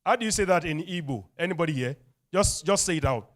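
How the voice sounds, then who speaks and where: A man with a Nigerian English accent hosting a live event, leading the crowd in energetic call-and-response. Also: on the high side, fast. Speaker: event host. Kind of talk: lively event emceeing. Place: event hall.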